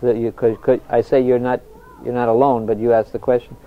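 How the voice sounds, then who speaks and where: A soft-spoken older man, a spiritual teacher telling anecdotes in a reflective talk, often restarting his sentences. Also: mid-range voice, flat delivery, fairly quick. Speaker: spiritual teacher answering questions. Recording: dull lo-fi recording.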